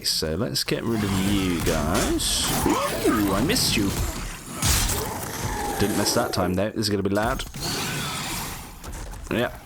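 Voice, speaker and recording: Lively low-voiced chatty male gamer. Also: gravelly, background noise. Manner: chatty, rambling, jokey asides. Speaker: gameplay commentator. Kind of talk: casual gameplay commentary.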